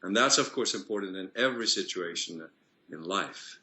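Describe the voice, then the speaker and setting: A man working as a voice and singing coach, explaining things in an interview in a teacherly way, with pauses and restarts. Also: sits low, lively intonation, pushed and bright.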